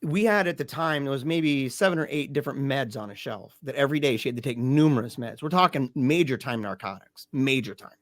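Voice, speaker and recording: Speaking fairly quickly with hardly any pauses, a mid-range male voice comes through clean studio sound with no echo. The speaker, a grieving father living in Michigan, shares a painful family story as a podcast guest, casual and emphatic, saying "dude" and "man" a lot.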